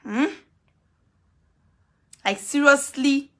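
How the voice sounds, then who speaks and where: A woman's voice: sits high, very slow. Taunting woman in Nigerian Pidgin. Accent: Nigerian Pidgin English. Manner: scolding, taunting, repeats herself. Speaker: live video streamer. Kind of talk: heated live video rant.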